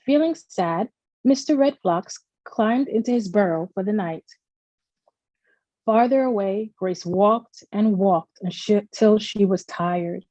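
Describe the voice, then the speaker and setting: Woman reading a kids' story aloud, mellow tone, dull dry lo-fi recording. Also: mid-range voice, slow pace, no echo. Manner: expressive storytelling. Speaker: children's storyteller. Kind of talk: read-aloud children's story narration.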